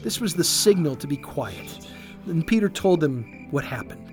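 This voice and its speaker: A storyteller narrating a Bible story for children in an expressive, read-aloud manner. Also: medium pitch, normal speed. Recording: faint background music.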